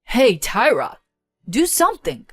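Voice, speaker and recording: A woman voicing an angry, cheating husband who yells and blames others. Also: fairly high pitch, wildly swooping pitch, unhurried, dry recording, exaggerated voice. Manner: yelling, accusatory.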